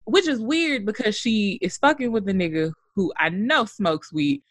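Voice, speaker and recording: Woman podcasting, loose and chatty, lots of swearing, mid pitch, dry close sound. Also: normal speed, no room sound. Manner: animated, swears a lot, laughs often. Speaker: podcast co-host. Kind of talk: casual chat.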